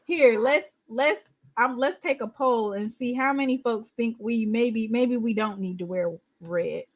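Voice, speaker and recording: A woman hosting a casual live podcast, animated and joking with her viewers. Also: on the high side, a little slow. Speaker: podcast host. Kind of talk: casual livestream chat.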